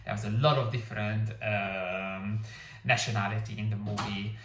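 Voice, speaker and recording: A man's voice: on the low side, level tone, moderate pace, a bit bright, recorded from a distance, faint music behind. A man giving a casual movie review, rambling with lots of fillers and restarts; his first language is Hungarian. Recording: echoey room, somewhat off-mic.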